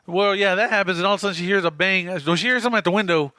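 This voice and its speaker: A man co-hosting a podcast, chiming in with quick banter in casual chat. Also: sits high, pushed and bright, clean tone, dry recording. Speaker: podcast co-host.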